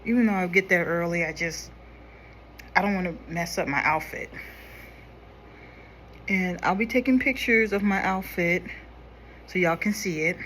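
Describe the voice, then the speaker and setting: A young woman casually chatting to her viewers while doing her makeup, going quieter as she concentrates. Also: lowish voice, moderate pace, pauses often, a little hiss or hum. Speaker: makeup vlogger. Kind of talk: casual makeup tutorial chat.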